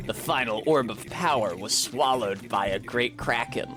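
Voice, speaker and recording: A man reading aloud the lines of a gruff male sea captain from a video game, in a deliberate, lowered voice. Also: a bit bright, faint music behind, natural voice. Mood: hearty.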